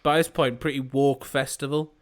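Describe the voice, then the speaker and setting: A man's voice: mid-range voice, little pitch movement, normal speed. A young man co-hosting a podcast, telling sweary, laughing stories in casual chat. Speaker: podcast co-host.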